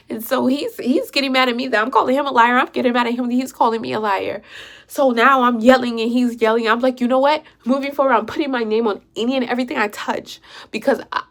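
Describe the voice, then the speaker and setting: A woman's voice: on the high side, fairly even intonation, fast talker. A young woman vlogging an emotional story, upset, repeating herself and sometimes dropping to a whisper.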